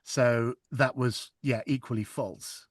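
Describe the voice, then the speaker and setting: A man's voice: mid-range voice, fairly even intonation, takes it slowly, no room sound. This is a man being interviewed about narrating audiobooks. He talks in an earnest, reflective way and often restarts a phrase to find the right word. His voice sits in a middle range and the recording is dry, with no room around it. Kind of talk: casual interview chat.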